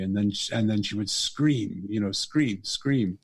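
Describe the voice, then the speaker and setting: A middle-aged man, a podcast guest and author, telling a personal story in an earnest, animated way. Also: fairly low pitch, normal speed, few pauses, slightly rough. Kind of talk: conversational storytelling.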